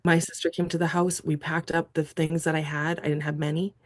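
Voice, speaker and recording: A woman's voice: low voice, brisk. A woman guest on a podcast telling a personal story with feeling, acting out what she said back then. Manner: animated, acts out her own past lines.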